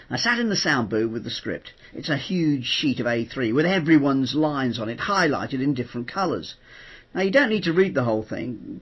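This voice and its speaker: A middle-aged man chatting on his own podcast, animated and jokey, acting out quotes as he tells stories. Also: a little high, dull audio. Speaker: host. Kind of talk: chatty spoken podcast monologue.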